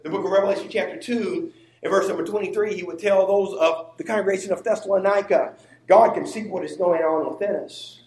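Man, preacher, sermon, emphatic, high-pitched, roomy echo. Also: steady tone, fairly quick, darkish tone. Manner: emphatic preaching with stressed words and call-and-response.

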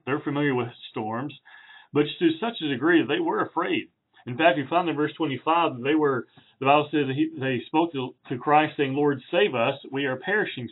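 A man preaching through a Bible passage in a relaxed, chatty way, with fillers and self-corrections. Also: medium pitch. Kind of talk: conversational Bible teaching. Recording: tinny phone-like sound.

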